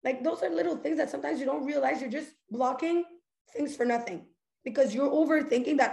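A woman with a high, gravelly, slightly mellow voice speaks fast on a live motivational call she's hosting, in a roomy-sounding space. Energetic and direct, she rattles off rhetorical questions and keeps laughing.

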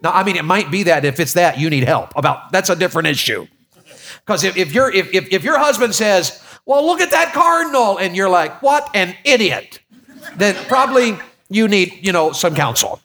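Man, high voice, folksy preacher who jokes with his flock and repeats himself. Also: animated, fairly quick, a bit bright. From Tennessee, USA. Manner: folksy, joking with congregation, repeats words. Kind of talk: sermon.

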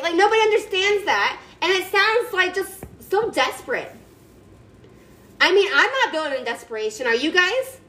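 A woman's voice: high-pitched, big pitch swings, normal speed, sharp tone, low-quality recording. A woman giving her team a chatty, emphatic motivational pep talk over a video call, sassy and calling everyone y'all. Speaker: team leader speaking to her sales team.

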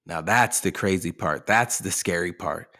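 A man's voice: low-pitched, unhurried, pushed and bright. A man hosting a motivational podcast, talking emphatically and asking his listeners rhetorical questions. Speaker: podcast host.

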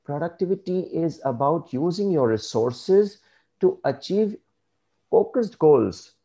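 A man speaking as an interview guest, earnest and measured, giving reflective advice. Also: a little high, animated, mellow.

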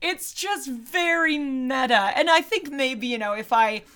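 A woman co-hosting a podcast in casual chat, laughing often and talking in an animated way. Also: high voice, a little slow, smooth. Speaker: podcast co-host.

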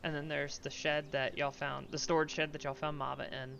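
A man's voice: on the high side, level tone, a little fast, vocal fry, pushed and bright, lo-fi sound. A man running a tabletop game as game master, narrating loosely with many fillers.

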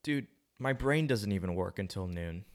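A man's voice: fairly low pitch, lively intonation, moderate pace. A young man rambling casually to the camera, musing in a slangy, laid-back way with plenty of swearing.

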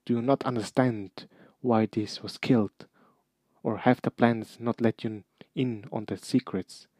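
Brief: male reader doing a grave, protective young centaur; quiet, formal storybook voice, dry close sound. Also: medium pitch, fairly even intonation, measured pace, no echo, lightly acted. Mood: fierce. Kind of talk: audiobook character reading.

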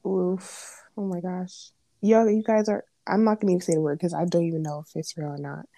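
Young woman co-host, warm low-key tone, playful chatter, close dry mic. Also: steady tone, no room sound. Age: young adult. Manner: chatty and playful, with quick asides. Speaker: podcast co-host. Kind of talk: casual chat.

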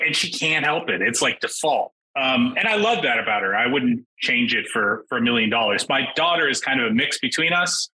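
A man's voice: medium pitch, poor audio. A middle-aged man, a game designer, chatting casually as a podcast guest and acting out quotes with sudden jumps in his voice. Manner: animated, acts out quotes in raised voices.

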